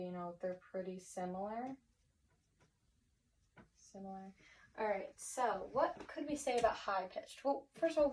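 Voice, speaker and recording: A woman's voice: medium pitch, a little mellow, distant mic, slight background noise, poor audio. A woman teaching a vocabulary lesson, encouraging and thinking aloud with many fillers and restarts.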